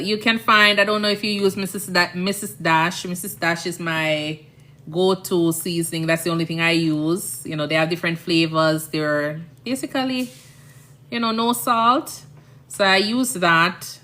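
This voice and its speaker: Chatty Jamaican woman, bright voice. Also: lowish voice, steady tone, a little slow. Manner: chatty, rambling, frequent "you understand?". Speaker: nurse streamer. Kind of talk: casual live-stream chat.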